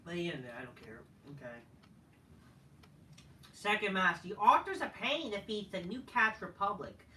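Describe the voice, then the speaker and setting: A man's voice: high voice, sing-song, measured pace, long pauses, far from the mic, noisy background. A man ranting casually in an echoey room. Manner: profane, dismissive, trailing off. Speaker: wrestling show reviewer.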